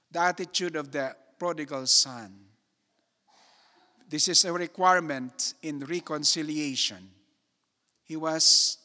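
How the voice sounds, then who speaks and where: A man preaching a sermon, slow and emphatic, putting rhetorical questions to his congregation. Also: on the high side, sharp tone. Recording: long hall reverb.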